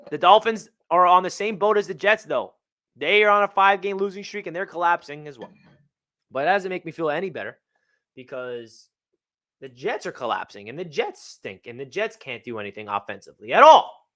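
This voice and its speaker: Bright-voiced young man ranting on a fan stream. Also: high voice, lively intonation, fairly quick. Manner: emotional, reads out donor messages, swings between gloomy and fired-up. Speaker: livestream host. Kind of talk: live fan reaction stream.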